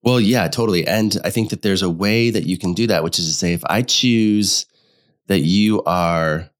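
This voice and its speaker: A man, a couples therapist, talking through ideas in a casual podcast conversation, thoughtful and halting, often restarting his phrases. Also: deep voice. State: slightly unwell.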